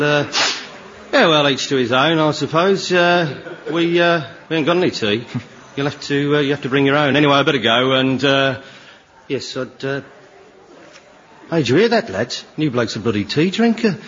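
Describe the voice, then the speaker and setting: A man's voice: fairly high pitch, unhurried, pauses often, pitched below the performer's own voice, natural voice. A man voicing a chummy working-class workmate, talking in a hesitant, matey way. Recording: lo-fi TV sound with audience noise.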